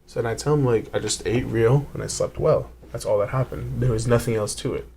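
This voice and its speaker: Animated young man telling his story. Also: mid-range voice, a little fast, gravelly. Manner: animated storyteller, acts out other people's lines. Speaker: interview guest. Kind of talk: casual conversation. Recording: faint background noise.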